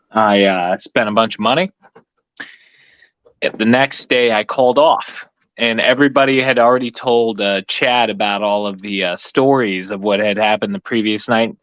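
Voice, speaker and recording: A man co-hosting a casual live chat, telling stories in an animated, profane way with lots of laughter. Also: lowish voice, no echo, highs cut off. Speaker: co-host.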